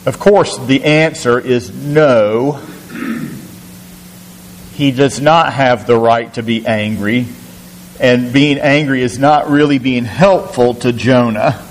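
A man of middle pitch teaches a recorded Bible lesson, earnest and questioning, often repeating a word as he gathers his thought. His voice carries a long reverb, with a faint hum underneath. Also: takes it slowly. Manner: earnest, questioning, repeats words while thinking.

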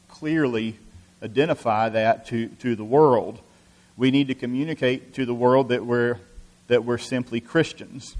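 A male preacher giving an earnest sermon, often restarting phrases and filling pauses with "you know.". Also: mid-range voice, a little mellow.

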